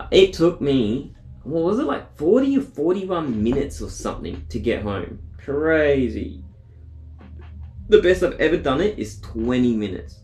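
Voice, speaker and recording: A man's voice: medium pitch, a little mellow, echoey room. A man telling a daily diary vlog in a rambling, blunt, profane casual way. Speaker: vlogger.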